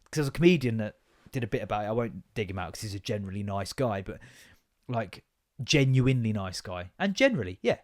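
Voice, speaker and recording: A man hosting a podcast, telling rambling, sweary stories in an animated, comedic monologue. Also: fairly low pitch, fast. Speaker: podcast host.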